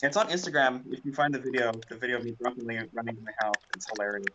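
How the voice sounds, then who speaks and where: A man, a drag performer, telling funny stories in casual chat on a livestream, rambling and animated. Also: medium pitch, rapid-fire. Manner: rambling, animated, acts out quoted voices loudly. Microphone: video call. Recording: dull lo-fi sound with clear background noise.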